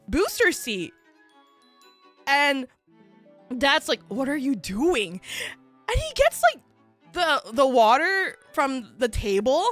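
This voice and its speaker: A woman with a high, bright voice tells a story in unhurried casual chat. She is animated and leans on fillers, slipping into the voices of the people she describes. Soft music plays underneath. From United States. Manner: animated, filler-heavy, acts out voices in stories. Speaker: VTuber streamer.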